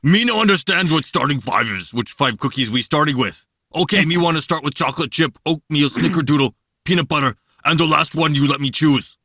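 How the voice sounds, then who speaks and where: A man voicing a gruff, greedy cookie-loving monster who talks in broken grammar. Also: on the high side, a little fast, sharp tone, dry recording.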